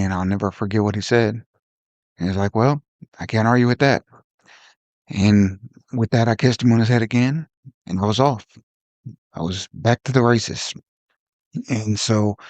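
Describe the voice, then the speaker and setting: A man hosting a podcast, telling a personal story in a reflective, halting way with frequent restarts. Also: lowish voice, darkish tone, no echo. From Ohio. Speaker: podcast host.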